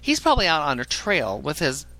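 Animated, profane male comic storyteller. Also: a little high, fairly quick, a little hiss or hum. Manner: animated, profane, laughs at own jokes. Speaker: podcast storyteller.

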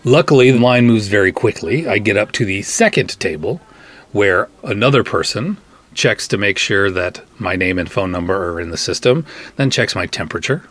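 A middle-aged man hosting a podcast, telling a funny personal story and acting out the other people's lines in a husky voice. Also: lowish voice, normal speed. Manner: animated, acts out quoted voices. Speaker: podcast host. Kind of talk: comic anecdote, casual storytelling.

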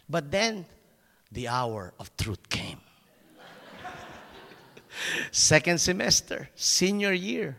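Animated high-voiced preacher in an echoing hall. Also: male voice. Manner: animated storyteller, laughing at himself, stumbling restarts. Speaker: pastor. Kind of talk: sermon testimony storytelling.

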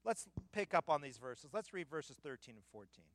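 A man preaching a sermon in a church, emphatic and building to loud peaks. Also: a little high, very animated, normal speed, no echo. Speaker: pastor.

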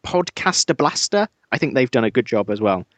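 A man's voice: lowish voice, quick pace, no echo. A man with an English Midlands accent co-hosting a podcast, chatting casually with dry, self-mocking humor and plenty of ums. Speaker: podcast co-host.

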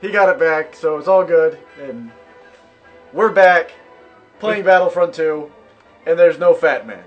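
Young man, podcast co-host, rambling jokes, fairly high voice, faint music behind. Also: unhurried, highs cut off. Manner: joking, rambling, loud outbursts. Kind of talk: casual gaming chat.

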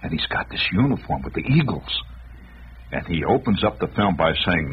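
A middle-aged man telling a comic monologue, animated, humming tunes and acting out voices. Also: low voice, normal speed, breathy edge. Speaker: storyteller. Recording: dull lo-fi radio recording.

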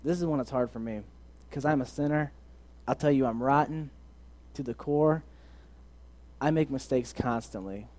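Young male preacher, conversational and earnest, warm dark tone, mid pitch. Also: moderate pace. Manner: earnest, conversational, swings from loud to soft. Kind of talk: casual sermon.

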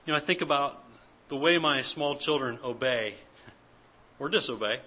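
A man's voice: medium pitch, normal speed, sharp tone. A man preaching an earnest, emphatic church sermon as pastor, repeating his key points. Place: church service.

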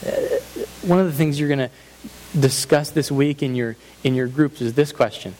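A man's voice: medium pitch, moderate pace, darkish tone, poor audio. A man preaching a sermon as pastor, earnest and emphatic, building points through repeated phrases. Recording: faint hiss.

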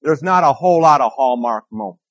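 A man's voice: fairly high pitch, brisk, vocal fry, dry recording. Male minister, conversational sermon, asks the congregation questions; dry, close recording. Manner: earnest, repeats key phrases, asks the congregation questions.

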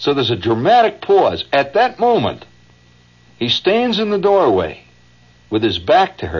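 A man's voice: a little high, huge pitch swings, unhurried, breathy edge. A man hosting a radio show, telling a rambling anecdote with chuckles and asides, recorded as a dull old broadcast. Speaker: radio host.

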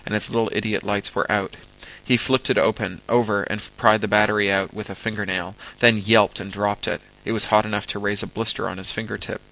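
A man reading a science fiction story aloud at a steady pace, acting out the dialogue. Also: lowish voice, vocal fry, poor audio. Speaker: audiobook reader.

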